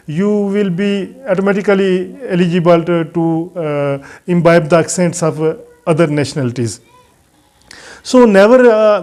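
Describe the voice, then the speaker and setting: A man teaching a spoken English lesson in a non-native English accent, pausing often with "uh" and giving earnest advice. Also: high-pitched, a little mellow. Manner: hesitant, frequent "uh" fillers, earnest advice.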